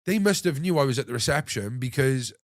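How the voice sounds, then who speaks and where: A young man hosting a podcast, telling an animated story full of swearing and acting out what others said. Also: medium pitch, a little fast, gravelly, no room sound, studio quality. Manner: animated anecdote-telling, swears freely, acts out others' lines. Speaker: podcast host. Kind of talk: casual storytelling chat.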